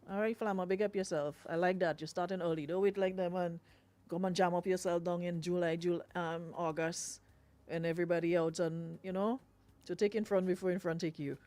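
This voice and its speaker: A woman's voice: lowish voice, fairly even intonation, normal speed, warm tone. A Grenadian woman hosting a radio show, chatting casually with lots of fillers and laughs. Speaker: radio host.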